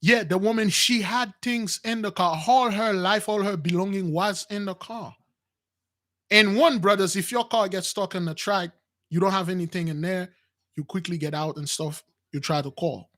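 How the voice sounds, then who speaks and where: A high-pitched man speaking at normal speed, host of a spiritual channel, tells a dramatic story about himself to his listeners. He performs the quotes in an animated retelling, addresses "brothers," and uses non-standard grammar with repeats and restarts.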